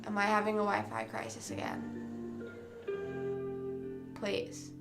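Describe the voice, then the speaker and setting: A woman's voice: mid-range voice, big pitch swings, slow pace, loud music behind the voice. A woman in her early twenties hosting a casual late-night livestream. She rambles through stories full of fillers. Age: early 20s. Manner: rambling, filler-heavy storytelling. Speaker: livestream host.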